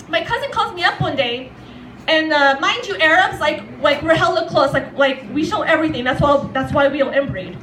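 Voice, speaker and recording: A woman's voice: very high-pitched, fairly quick, pushed and bright, slight background noise. A young woman doing crude, blunt stand-up at a bar open mic. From half Palestinian, half Lebanese family. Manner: crude, blunt, punchy storytelling. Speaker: stand-up comedian. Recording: echoey room, faint crowd ambience.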